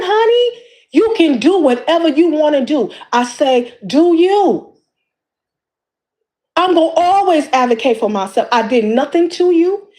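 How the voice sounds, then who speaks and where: High-pitched woman, impassioned and preachy. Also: a little mellow. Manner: preachy and emphatic, repeats phrases. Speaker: YouTube creator. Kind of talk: impassioned direct-to-camera monologue.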